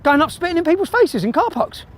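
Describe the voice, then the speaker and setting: A man filming himself in a car park and shouting swear-laden accusations in a heated confrontation. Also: extremely high pitch, big pitch swings, fast. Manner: aggressive, swearing, repetitive accusations. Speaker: filmmaker confronting people on camera.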